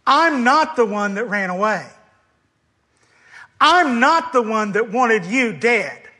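A man's voice: very high-pitched, expressive, slow pace, sharp tone, voice pushed up, heavily acted. A man voicing a resentful grown elder son who complains bitterly and sarcastically to his father. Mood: bitter sarcastic.

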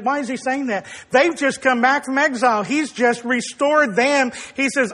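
A male preacher with a strikingly high voice delivers a sermon. He speaks with emphasis, pushing up to forceful declarations. When he tells a story, he acts out the quoted dialogue. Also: moderate pace, few pauses.

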